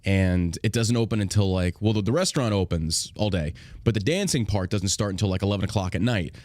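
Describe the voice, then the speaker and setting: A man's voice: lowish voice, fairly quick, a little mellow, no room sound, clean studio sound. An American man hosting a podcast, talking in a casual, profane and combative way, often laughing. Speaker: podcast host.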